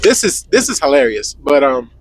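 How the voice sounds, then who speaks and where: Laughing, teasing young man, lively pitch. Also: normal speed, noisy background. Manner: laughs often, explains in a joking teasing way. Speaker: podcast co-host. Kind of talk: casual chat.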